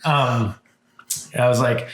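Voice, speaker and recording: A man's voice: mid-range voice, takes it slowly. A man in casual podcast chat, telling a story with lots of swearing and acting out what people said. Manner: animated storyteller, acts out quotes, swears freely. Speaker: podcast co-host. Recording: echoey room.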